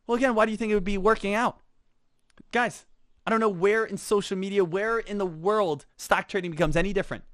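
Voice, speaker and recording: A man with a high, bright-sitting voice runs an energetic trading lesson, peppering it with "right?" and "again". The sound is dry and close. He slips into quick put-on voices for imagined students. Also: no room sound. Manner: rhetorical "right?" and repeated "again". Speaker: trading instructor. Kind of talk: energetic teaching talk.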